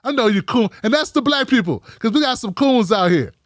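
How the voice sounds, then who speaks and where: A man's voice: very high voice, animated, fairly quick, fairly bright tone, no echo, clean studio sound. A man hosting a live show, ranting heatedly and swearing constantly. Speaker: host. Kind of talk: ranting live-stream commentary.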